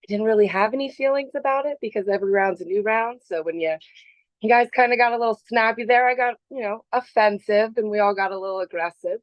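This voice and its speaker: A woman's voice: mid-range voice, no room sound. Sarcastic woman in dull audio. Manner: defensive, pointed and sarcastic. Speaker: game contestant. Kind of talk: casting votes in a reality game.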